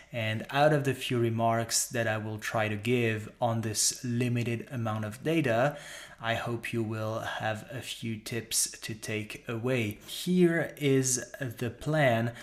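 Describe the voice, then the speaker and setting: A man working as an accent coach, explaining pronunciation points in a measured, methodical way with frequent short pauses. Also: mid-range voice, a bit bright.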